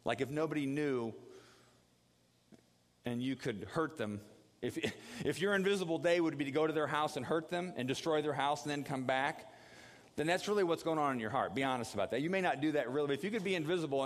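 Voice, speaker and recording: A man preaching a sermon, telling the story vividly and acting out the quotes in an animated way. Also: fast talker. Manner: animated storytelling with acted quotes, dropping low for prayer. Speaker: pastor. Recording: long hall reverb.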